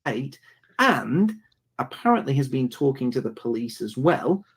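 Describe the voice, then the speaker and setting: Male speechmaker, slow and emphatic, lively pitch, slightly husky. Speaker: speaker in a played clip. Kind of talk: public speech.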